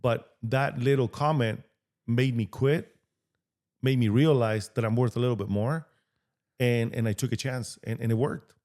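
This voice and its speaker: A man raised in Mexico talks through his past in a podcast conversation. His voice sits at an ordinary middle pitch, and he brings the people in his stories to life by acting out what they said. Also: normal speed. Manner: animated, acts out quoted dialogue. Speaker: podcast guest, real estate agent. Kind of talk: storytelling interview talk.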